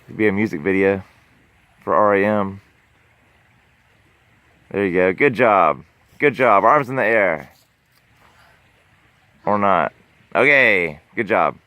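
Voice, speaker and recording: A man's voice: fairly low pitch, slow pace, long pauses, sharp tone, no room sound. A man filming his kids on an outdoor hike, giving playful, jokey instructions. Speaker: parent filming a family hike. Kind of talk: casual family chat. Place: outdoors on a rural trail.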